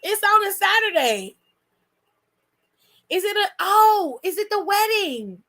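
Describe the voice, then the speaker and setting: A woman hosting her own channel, chatting loudly and bluntly with her chat and swearing freely. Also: extremely high pitch, very animated, takes it slowly. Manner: loud, blunt, profane, reads chat aloud. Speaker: channel host. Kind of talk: casual livestream chat.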